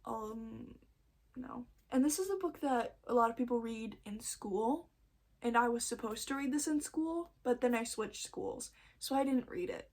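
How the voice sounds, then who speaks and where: A woman's voice: fairly high pitch, lively intonation, measured pace. A young woman chatting casually and a bit nervously as she shows her books, rambling and often losing her train of thought. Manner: rambling, chatty, self-interrupting; nervous first-time vlogger. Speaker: book vlogger. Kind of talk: casual book haul chat.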